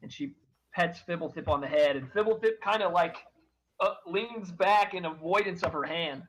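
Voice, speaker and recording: A man narrating as game master of a tabletop game, unhurried and descriptive, with some fillers. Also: high voice, a bit bright, poor audio.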